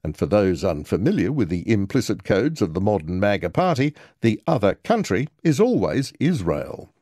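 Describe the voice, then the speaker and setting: A man's voice: on the low side, very animated, normal speed, dark tone, no echo, clean studio sound. A man narrating a scripted news report as a reporter, with wry, sardonic commentary.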